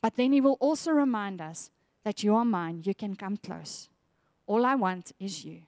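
A woman's voice: medium pitch, animated, moderate pace, a little mellow, no room sound, clean studio sound. A woman preaching a sermon, earnest and reflective, reading scripture aloud with feeling.

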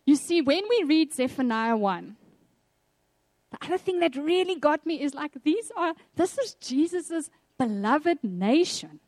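A South African woman preaching a sermon, telling personal stories in a lively way and acting out the voices she quotes. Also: high voice, a little slow, no echo.

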